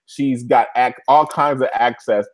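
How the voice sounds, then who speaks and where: A man in the middle of his range, chatting through an episode recap. He tells it with excitement and acts out the characters' lines as he goes. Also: medium pitch, unhurried. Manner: excited, animated storytelling with quoted voices. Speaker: show co-host. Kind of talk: casual TV recap chat.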